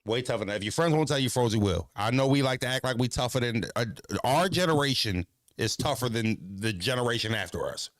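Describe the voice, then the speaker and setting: A man tells stories in an easygoing, profane way, laughing often. His pitch swoops up and down a lot as he talks. The sound is dry and close, with no room echo. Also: lively intonation, brisk, hardly any pauses, fairly bright tone. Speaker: streamer. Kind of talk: casual chat.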